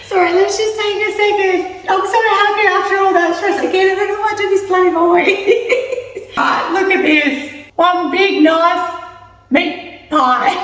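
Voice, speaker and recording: A woman's voice: very high voice, fairly bright tone. A woman chatting casually through a home cooking vlog, self-mocking and laughing often. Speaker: cooking vlogger. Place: home kitchen. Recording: echoey kitchen, mic at a distance.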